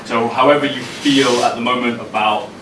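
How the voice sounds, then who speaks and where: A man's voice: mid-range voice, fairly even intonation, moderate pace. A man from Britain, a poet, chatting with a live audience and performing his poems with a rhythmic delivery. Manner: chatty and self-deprecating, then rhythmic declaiming. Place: live event venue. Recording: echoey room, distant mic, noisy.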